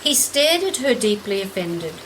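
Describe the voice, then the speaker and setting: A woman reads a short story aloud in a measured, gentle voice at a middle pitch. Steady rain is clearly heard behind her throughout. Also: background noise. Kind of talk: scripted narration.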